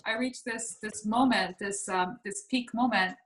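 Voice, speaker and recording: A woman's voice: medium pitch, measured pace, a bit bright, roomy sound, poor audio. A woman co-hosting a casual spiritual chat over a video call, speaking earnestly and searching for her words. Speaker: spiritual talk co-host.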